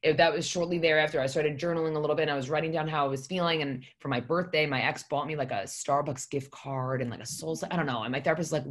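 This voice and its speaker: A woman with a notably low voice speaks as a podcast guest. She talks candidly and at length, drifting from point to point. She drops in a curse word now and then for emphasis. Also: fast talker, hardly any pauses. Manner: candid, rambling storyteller who swears for emphasis. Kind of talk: casual podcast conversation.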